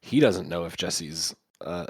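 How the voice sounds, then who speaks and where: A man with a very deep voice argues his point on a podcast with playful, mock-dramatic flair. The sound is close and dry. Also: expressive, unhurried, slightly rough, dry recording. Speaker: podcast co-host. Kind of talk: casual movie discussion.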